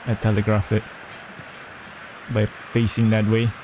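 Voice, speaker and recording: Young male gamer, unhurried gameplay commentary over faint background hum; groans and cheers at plays. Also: fairly low pitch, monotone.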